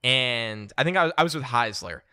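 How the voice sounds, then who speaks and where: Lively bright-voiced man from New Jersey. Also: mid-range voice, fairly quick, clear, resonant tone, dry recording, clean studio sound. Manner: lively, laughing storytelling. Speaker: podcast co-host. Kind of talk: casual chat.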